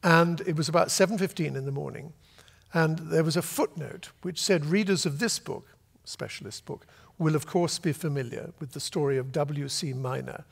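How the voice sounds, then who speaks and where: An older man from Britain, an author telling a long, lively anecdote to a festival audience and acting out the voices he quotes. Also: a little high, moderate pace, creaky, few pauses, slightly rough, long reverb tail. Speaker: author guest. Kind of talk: storytelling at a festival talk. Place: festival venue before an audience.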